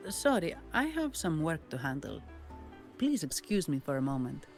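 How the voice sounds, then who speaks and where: A woman's voice: sits low, big pitch swings, moderate pace, a little mellow, soft background music. An actress voicing a poised, formal young woman who works as a banker and bodyguard, speaking with an Italian accent in a video game. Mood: businesslike. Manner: polite, formal, businesslike. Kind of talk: game character dialogue.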